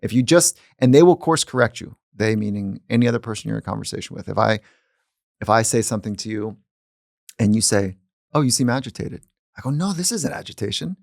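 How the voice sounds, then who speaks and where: A man who is a psychologist and podcast host, talking in a calm, reflective way in casual conversation. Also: on the low side, a little fast, creaky, no echo, studio quality. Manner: calm and reflective, speaking at length.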